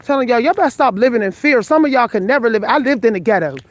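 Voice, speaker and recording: A woman in her forties live-vlogs a night walk outdoors, phone in hand, sounding worn out and out of breath as she speaks bluntly and profanely to viewers. She talks fast and animatedly in a fairly high voice, with no room sound.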